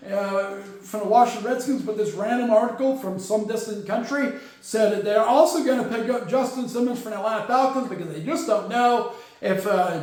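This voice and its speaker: A man hosting a football show, who rambles through the news with sarcastic asides. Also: extremely high pitch. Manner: sarcastic, rambling, lots of fillers. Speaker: football podcast host. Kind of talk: casual sports news commentary. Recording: very echoey room.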